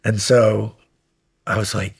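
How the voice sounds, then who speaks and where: A man in his fifties tells stories as a podcast guest, his voice low and husky. He moves between animated storytelling and quiet, intense moments, in the loose manner of a casual interview. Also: slow pace. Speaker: podcast guest, former Navy SEAL.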